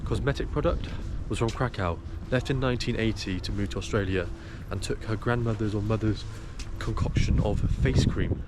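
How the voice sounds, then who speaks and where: Young male travel vlogger, lowish voice, loose and rambling, street noise behind. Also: normal speed, few pauses. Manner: rambling, chatty, loose filler-heavy talk. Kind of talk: casual vlog to camera. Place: outdoors walking a city.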